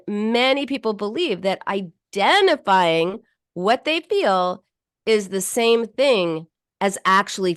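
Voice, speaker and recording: A woman psychotherapist hosts a talk podcast and walks through a client's story in plain explanatory speech. Her pitch rises and falls in a lively way, and she often restarts her sentences. The recording is close and dry. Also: dry recording. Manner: explanatory, warm-paced storytelling with frequent "you know" and restarts.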